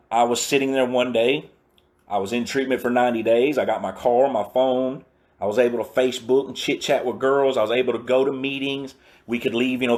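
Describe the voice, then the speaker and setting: A man's voice: mid-range voice, darkish tone. A man giving a personal recovery testimony in a casual, slangy, emphatic storytelling way. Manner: emphatic and repetitive.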